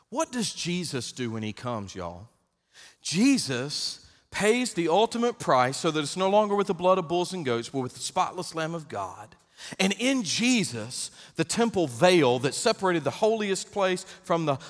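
Animated man preaching a sermon. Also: fairly high pitch. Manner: animated, acts out quoted voices. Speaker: pastor. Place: church sanctuary. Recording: reverberant church hall.

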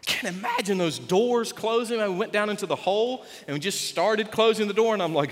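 A man preaching a sermon, animated and folksy, joking with the congregation. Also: high voice, moderate pace, few pauses. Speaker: pastor. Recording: long reverb of a large hall.

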